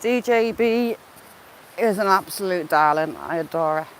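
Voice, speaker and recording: A woman with a lower voice talks a little slowly during a casual live-stream walk along a wooded river, greeting her viewers by name as she goes. The audio is poor, and faint outdoor noise can be heard.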